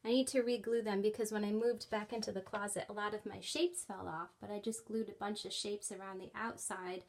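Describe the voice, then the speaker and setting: A woman's voice: mid-range voice, flat delivery, a little fast, a little hiss or hum. A young woman who teaches English online gives a cheerful, chatty tour of her small home classroom, talking into a headset. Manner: cheerful and chatty, bursts into squealing acted-out reactions. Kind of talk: casual classroom tour vlog.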